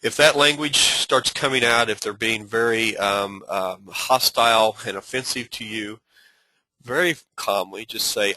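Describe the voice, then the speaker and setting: A man giving an instructional talk on handling difficult customers, earnest and advising, with frequent halting restarts and fillers. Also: on the low side, bright, forceful tone, dry recording, rough recording. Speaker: customer service trainer.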